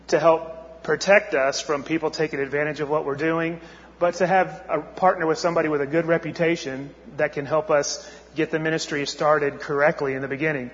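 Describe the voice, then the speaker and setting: A male missionary speaker telling a story in a conversational way, with many restarts. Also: a little high. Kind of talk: storytelling sermon. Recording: echoey hall, muffled sound.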